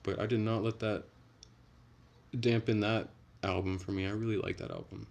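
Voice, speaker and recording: A young man on a casual late-night livestream, reading chat and rambling in a relaxed, soft-spoken way. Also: fairly low pitch, moderate pace, creaky.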